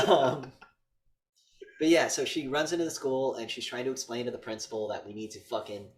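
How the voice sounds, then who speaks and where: This podcast co-host has a medium-pitched male voice and a moderate pace as he casually recaps a movie's plot for a review chat. His retelling is animated, full of swearing and acted-out quotes.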